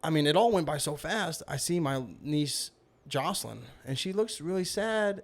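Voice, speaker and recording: A man who is a podcast guest, telling animated, casual stories, acting out other people's lines and laughing often. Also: on the high side, fast talker. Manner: animated, acts out family members' lines. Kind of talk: casual storytelling.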